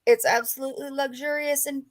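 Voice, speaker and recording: A woman's voice: high-pitched, steady tone, fairly quick, dry recording. A woman author talking as a guest, rambling through a story with lots of fillers. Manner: rambling, filler-heavy, chatty. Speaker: author and paranormal investigator guest. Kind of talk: casual storytelling interview.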